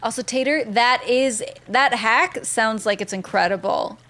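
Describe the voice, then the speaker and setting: A woman streaming a video game live, chatting excitedly and reading viewer messages aloud. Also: fairly high pitch, measured pace. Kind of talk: live gameplay commentary.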